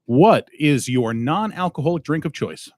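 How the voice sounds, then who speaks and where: A man's voice: on the high side, expressive, normal speed, darkish tone, no room sound. A man hosting a casual podcast, talking loosely and swearing freely. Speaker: podcast host. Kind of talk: casual chat.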